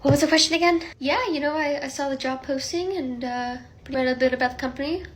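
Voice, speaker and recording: A woman playing an anxious young job candidate who stammers and fills every pause with "like" and "you know". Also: sits high, a little hiss or hum, natural voice. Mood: nervous rambling. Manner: nervous, stammering, filler-heavy.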